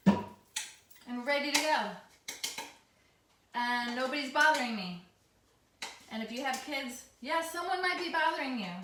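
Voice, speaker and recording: A middle-aged woman, a teacher, chatting in a home vlog in her loud teacher voice, teasing and friendly. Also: high voice, recorded from a distance, a little hiss or hum. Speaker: teacher and vlogger. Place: home kitchen. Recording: echoey room, voice somewhat off mic.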